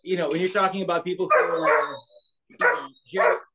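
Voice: medium pitch, level tone, a little fast. A medical professional on a panel gives an unscripted answer in a hesitant way, full of fillers and restarts. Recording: loud background noise with dog barking.

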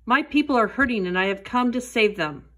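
A woman voicing God speaking from a burning bush in a loud, commanding way. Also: lively intonation, a little fast. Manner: booming, commanding.

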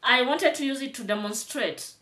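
A woman's voice: fairly high pitch, normal speed, bright, forceful tone. A young Kenyan woman with a Kenyan accent, giving chatty commentary in a vlog that grows into indignant scolding. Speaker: vlogger.

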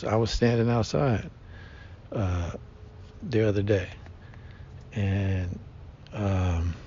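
A man talking casually in a rambling, slangy way, full of fillers and restarts. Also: a little mellow. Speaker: podcast host. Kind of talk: casual monologue. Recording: dull lo-fi sound with faint rumble.

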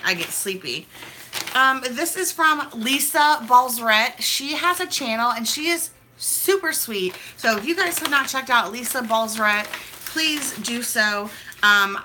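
A woman's voice: on the high side, background noise. A young woman vlogging as she opens mail, talking in a hyper, chatty, gushing way. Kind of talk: casual mail-opening vlog.

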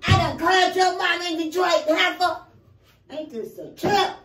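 A woman's voice: very high-pitched, measured pace, a bit bright. An older grandmother in a frantic panic, crying out to the Lord and calling for help, then swearing angrily. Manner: frantic, praying aloud, swearing when angry. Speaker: grandmother, prank target. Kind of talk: panicked reaction. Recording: echoey room, far from mic.

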